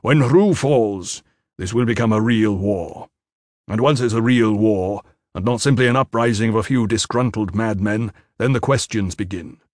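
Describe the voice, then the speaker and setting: A man's voice: fairly low pitch, normal speed, no room sound, clean studio sound, lightly acted. Man playing grave, blunt bodyguard commander. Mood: solemn. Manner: solemn, forceful.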